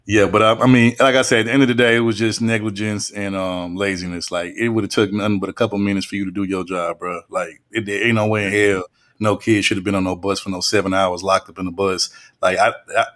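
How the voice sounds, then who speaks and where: A man's voice: on the low side, flat delivery, fast, a bit bright. A man hosting a casual livestream podcast, teasing his co-hosts and reading chat comments in drawling slang. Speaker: podcast host.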